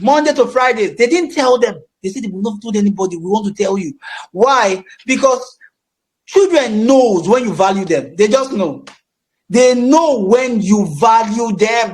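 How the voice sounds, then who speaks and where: A Nigerian man facilitating a counseling course, speaking emphatically with a projecting voice and often repeating his phrases. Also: sits high. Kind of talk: teaching a class.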